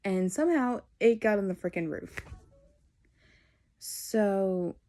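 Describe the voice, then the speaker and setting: A woman's voice: medium pitch, animated, slow pace, warm tone. A teenage woman, telling a personal story in a candid, rambling way. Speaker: vlogger.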